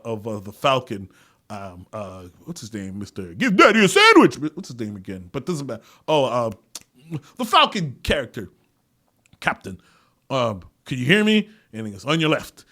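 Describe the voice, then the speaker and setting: Male solo podcaster, slightly high voice, loose and profane, laughs a lot, loud one moment and mumbling the next. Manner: rambling, profane, laughs often, loses words; animated, swings between loud and quiet. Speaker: podcast host. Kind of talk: casual solo monologue.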